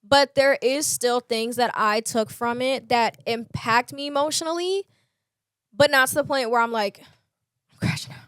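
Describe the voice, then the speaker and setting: A young woman with a fairly high voice hosts a podcast in loose, casual chat. Her words tumble out quickly in run-on sentences laced with fillers, and the recording sounds dry and close. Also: fairly bright tone, clear, resonant tone, dry recording. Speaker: podcast host.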